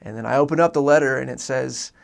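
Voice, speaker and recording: A man's voice: medium pitch, quick pace, creaky. A young man from Oregon telling his personal faith story in a casual, earnest way, rambling with many restarts and fillers. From Oregon, USA. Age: young adult.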